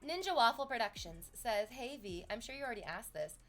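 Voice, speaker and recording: A woman's voice: a little high, sing-song, brisk, faint music behind. A woman streamer chatting casually and playfully with her viewers, swearing now and then. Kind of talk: casual livestream chat.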